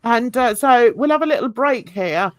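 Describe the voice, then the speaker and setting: A woman's voice: fairly high pitch, animated, moderate pace, dry recording. A woman hosting a casual livestream chat, playful and giggly, talking to her viewers as guys. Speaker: livestream host.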